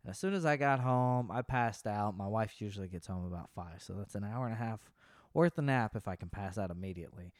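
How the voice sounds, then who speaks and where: A man's voice: on the low side, a little fast, no echo, studio quality. A man in his late twenties, co-hosting a podcast in casual, rambling chat and laughing often. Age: late 20s. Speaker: podcast co-host.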